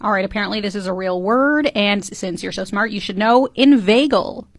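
A woman co-hosts an afternoon radio show from a dead, dry studio. She teases her partner and reads definitions in a plain, even way. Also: mid-range voice, a little fast, no room sound. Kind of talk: casual radio banter.

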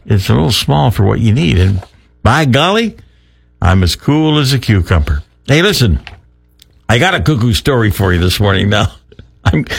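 A man hosting a morning radio show, chatting through an ad read and a funny news story. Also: mid-range voice. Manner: chatty, laughing at his own story. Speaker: radio host.

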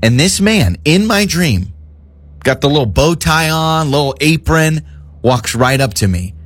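A man co-hosting a radio show, telling a story in casual banter with an animated, exaggerated delivery. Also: on the high side, measured pace, a little hiss or hum.

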